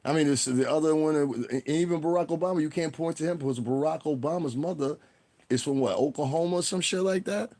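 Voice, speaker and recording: Talking fast in a fairly high, slightly mellow voice, this man rants on a live stream. He addresses viewers directly with heavy cursing, rambling in a blunt, combative way.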